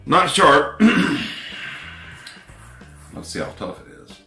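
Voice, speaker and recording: A man reviewing a pocket knife in a casual vlog. He has a runny nose, keeps clearing his throat, and chuckles at himself in a wry, laid-back way. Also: medium pitch, very animated, drawn-out words, sharp tone, roomy sound, faint music behind.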